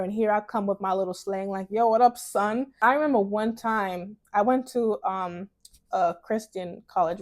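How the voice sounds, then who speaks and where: A young woman from New York giving casual advice in a vlog, chatty and expressive, often laughing. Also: medium pitch. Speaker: lifestyle vlogger.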